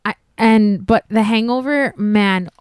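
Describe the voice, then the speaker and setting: A woman's voice: medium pitch, clear, resonant tone, dry recording, clean studio sound. Teasing woman co-hosting a podcast. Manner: quick, laughing, teasing. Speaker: podcast co-host. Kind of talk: casual podcast chat.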